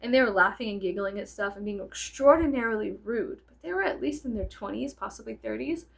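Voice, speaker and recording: Animated, profane woman with a gravelly voice. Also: a little high, a little fast. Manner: animated, profane, digresses with many fillers; laughs often. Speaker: vlogger. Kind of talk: casual storytelling vlog.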